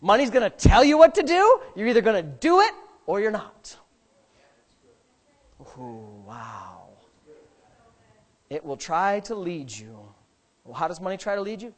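A man preaching a sermon as pastor, emphatic and full of rhetorical questions, swinging from quiet asides to shouting. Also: high voice, very animated, normal speed.

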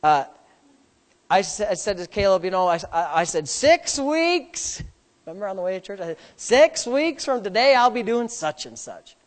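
A man preaching a sermon as pastor, repeating phrases in a rhythm, calling for amens, and swinging between hushed asides and loud outbursts. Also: sits high, animated, brisk. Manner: repetitive, rhythmic phrasing with calls for amen.

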